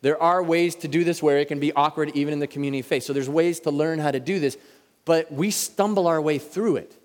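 A man in his thirties preaching a sermon in a church, talking in a conversational way and slowing down to stress key words. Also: on the high side. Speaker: pastor. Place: church sanctuary. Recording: reverberant church hall.

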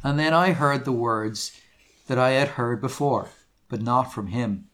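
A man's voice: mid-range voice, a little slow, a bit bright. A man co-hosting a casual podcast, reading fan fiction aloud in a mock-dramatic way, laughing and swearing often. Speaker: podcast co-host.

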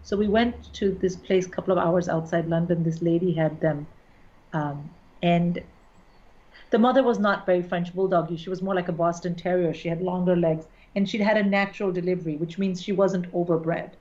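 A middle-aged woman with a slightly low voice, chatting casually as a guest. She tells her stories in a lively, frank and wry way. The recording sounds dull and lo-fi. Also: normal speed. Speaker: stand-up comedian, guest. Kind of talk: casual conversation.

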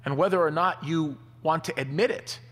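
A man preaching a sermon, telling stories in an animated way. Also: a little high, normal speed. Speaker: pastor. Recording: long hall reverb.

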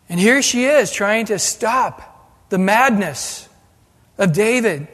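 A man preaching a sermon as pastor, animated and acting out the voices he quotes. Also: high voice. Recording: long hall reverb.

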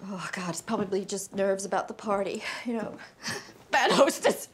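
An actress in a film playing a middle-aged woman, a hostess who is breaking down, speaking in a shaky, tearful, halting way. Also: medium pitch, close to an everyday voice. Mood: distraught. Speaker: film character. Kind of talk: dramatic film acting.

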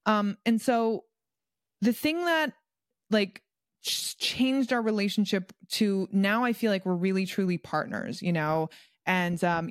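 A woman's voice: on the low side, no echo, clean studio sound. A woman coach talking casually in an interview, chatty, with frequent laughs and fillers. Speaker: guest, personal development coach.

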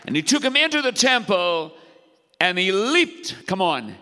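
Bright-voiced, high-pitched man preaching in a reverberant hall. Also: sing-song, normal speed. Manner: exhorting, calls for congregation responses. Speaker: pastor. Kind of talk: sermon.

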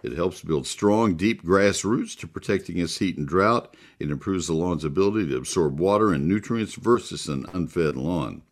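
A man's voice: low-pitched, moderate pace, hardly any pauses. A man hosting a call-in gardening radio show, talking in a folksy, chatty way with many filler words. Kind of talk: live call-in radio talk with read ads.

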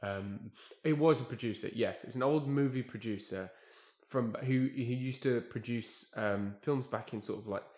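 A man's voice: mid-range voice, moderate pace, hardly any pauses, a little mellow. A man telling a story in casual chat, rambling and correcting himself as he goes. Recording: echoey room.

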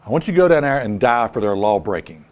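A man voicing God the Father as a calm, commanding older deity, giving plain instructions. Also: mid-range voice, fast, voice pushed down, natural voice. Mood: instructing.

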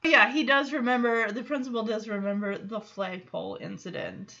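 Chatty bright-voiced woman podcaster. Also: normal speed, gravelly, lo-fi sound. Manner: animated, acts out quotes in lowered voices. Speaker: podcast host. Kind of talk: casual episode recap.

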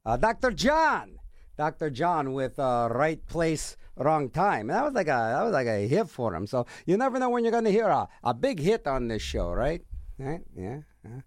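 A man's voice: on the high side, huge pitch swings, moderate pace, no echo. A middle-aged man hosting a radio music show in a studio, talking in a rambling, jokey, sarcastic way. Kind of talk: casual rambling radio chat. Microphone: studio microphone.

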